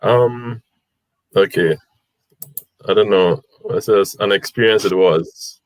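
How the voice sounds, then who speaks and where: A man with a very low voice hosts a relaxed video chat. His sound is dry and close, and he reads viewer comments in an easygoing way. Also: slow pace, no echo. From Ghana. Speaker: host. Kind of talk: casual live chat.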